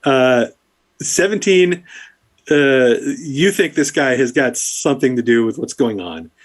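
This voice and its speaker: A man's voice: medium pitch, measured pace. Man running a tabletop game. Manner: relaxed, filler-heavy description. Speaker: game master.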